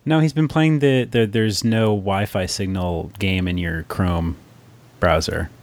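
A man's voice: sits low, unhurried, darkish tone. A man hosting a casual tech chat, rambling and correcting himself as he goes, laughing easily.

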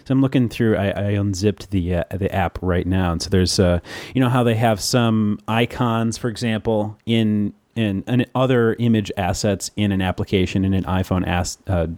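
A man's voice: lowish voice, steady tone, moderate pace, few pauses, a little mellow, no echo. A man hosting a casual tech podcast, chatty and laughing often, with plenty of fillers. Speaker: podcast host.

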